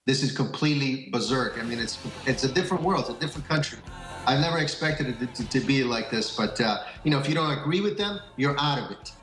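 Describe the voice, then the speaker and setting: A man's voice: medium pitch, lively intonation, fast talker, a bit bright, roomy sound, poor audio. A man, a guest on a talk show, speaking earnestly and stumbling over repeated words. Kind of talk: phone-in interview.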